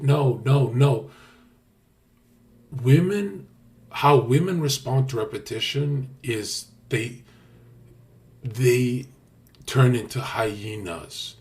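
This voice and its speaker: A young man livestreaming, talking brashly and boastfully with lots of swearing, dropping to mutters and then bursting out loud. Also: mid-range voice. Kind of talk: casual stream talk.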